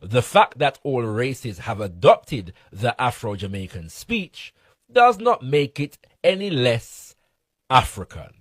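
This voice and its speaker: A man's voice: medium pitch, sing-song, slow pace, no room sound. A man reading a formal scholarly essay aloud with emphatic delivery. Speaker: reader.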